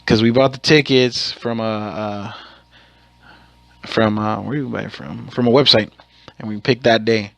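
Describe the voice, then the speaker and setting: A man's voice: lowish voice, steady tone, normal speed, gravelly, long pauses, no echo. A man hosting his own podcast, telling a rambling, profane story in a casual way and correcting himself as he goes. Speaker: podcast host.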